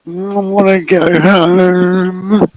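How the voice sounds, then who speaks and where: A man's voice: high voice, level tone, drawn-out words, no echo, pitched above the performer's own voice, rough recording. A man voicing a frightened little girl who stammers and whimpers.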